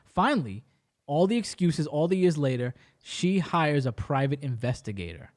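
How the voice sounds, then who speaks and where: A man's voice: a little high, sing-song, moderate pace, darkish tone. A man co-hosting a podcast, retelling a story in casual, slangy, profane talk. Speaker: podcast co-host.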